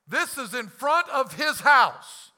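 A man preaching a fervent sermon as pastor, swinging between loud outbursts and hushed asides, acting out quoted lines with bursts of laughter. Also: extremely high pitch, big pitch swings, slow pace.

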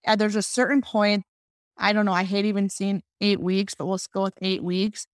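A woman hosting an interview, asking gentle, supportive questions and adding brief explanations. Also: mid-range voice, no room sound, studio quality. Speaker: podcast host. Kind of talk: interview conversation.

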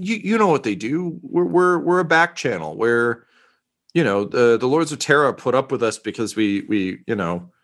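A man's voice: mid-range voice, fairly bright tone, voice pushed up. A man voicing a self-pitying male propaganda reporter who stammers and wants praise. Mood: bitter.

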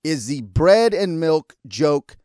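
An American man hosting a podcast, ranting sarcastically and scolding his listeners, at times in a mock calm, soothing voice. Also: a little high, takes it slowly, smooth, dry recording, studio quality. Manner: sarcastic, scolding and exasperated, hurling insults; mock calm and soothing delivery that breaks into outbursts. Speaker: podcast host. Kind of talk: ranting opinion segment.

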